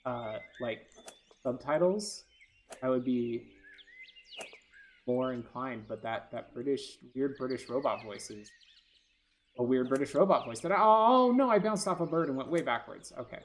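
A man's voice: mid-range voice, animated, normal speed, pauses often, a little hiss or hum. Rambling man doing game commentary. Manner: rambling, many fillers and restarts, frustrated outbursts. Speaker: gaming video host. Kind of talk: casual gameplay commentary.

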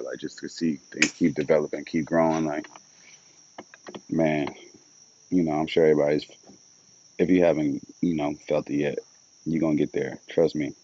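Very deep, dark-voiced young man rambling. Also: lo-fi sound, a little hiss or hum. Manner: loose, rambling and upbeat, with lots of slang and swearing. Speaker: solo podcast host. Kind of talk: casual solo podcast monologue.

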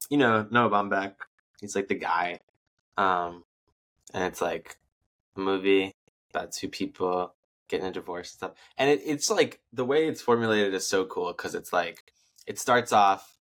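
A man's voice: low-pitched, fairly bright tone. A young man co-hosting a podcast, giving a laid-back, loosely phrased movie review. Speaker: podcast co-host. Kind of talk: casual movie review chat.

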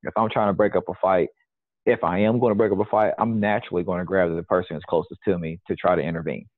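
Deep-voiced man on a tinny phone line. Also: steady tone, no echo. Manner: measured, explains his view at length. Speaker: podcast co-host. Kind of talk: casual sports chat.

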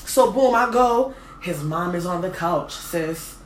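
A woman hosting a casual chat and telling a lively, slangy story about a date. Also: on the low side, takes it slowly, echoey room, a little hiss or hum. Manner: animated, slangy, laughing storyteller. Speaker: host.

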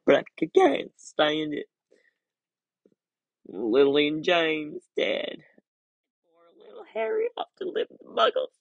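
Storybook read-aloud: man doing a huge weepy half-giant groundskeeper, stammering, raspy. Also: medium pitch, steady tone, normal speed, a bit bright, no room sound, highs cut off. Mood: tearful. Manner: sobbing, stammering.

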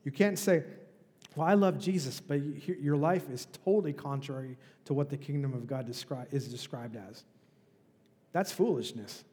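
A man's voice: medium pitch, moderate pace, warm tone, in a large hall. A male pastor preaching a sermon in a conversational, emphatic way, with rhetorical questions. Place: church.

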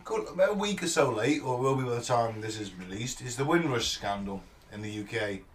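A man leads a loose podcast chat, rambling through his points with plenty of swearing. He keeps agreeing with his co-hosts as he goes. His voice sits at a middling pitch and sounds a little distant from the mic. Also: animated, brisk, slight background noise. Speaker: podcast co-host. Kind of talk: casual chat.

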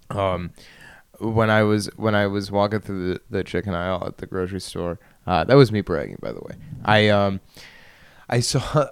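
Young male podcast host, deep and smooth voice, rambling and self-mocking, laughs a lot, dry close mic. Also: dry recording. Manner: self-deprecating, laughs often, trails off and restarts. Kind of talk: rambling solo podcast monologue. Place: bedroom. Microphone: studio microphone at a computer.

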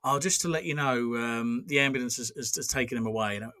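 A man hosting a casual chat, a booker who retells events with animated reactions. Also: medium pitch, fast talker, few pauses. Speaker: wrestling show booker and podcast host.

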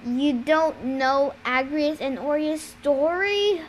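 A woman voicing a smooth-talking young villain. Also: high voice, slow pace, a little hiss or hum. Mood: smooth, persuasive. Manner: smooth, calm and persuasive.

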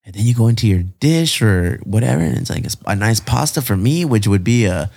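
Lively, playful man in a dry studio. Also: lowish voice, brisk, gravelly, no room sound. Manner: animated, playful, slips into Spanish. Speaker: podcast host. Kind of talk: casual podcast chat.

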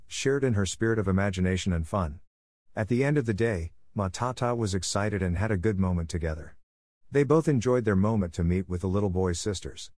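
A man narrating a storybook tale in a steady, unhurried reading voice. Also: low-pitched, dry recording, studio quality.

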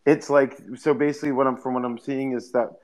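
A man's voice: mid-range voice, flat delivery, fast talker, a little mellow. A man hosting a podcast, talking in a loose, rambling way with plenty of fillers. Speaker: podcast host. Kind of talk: casual chat.

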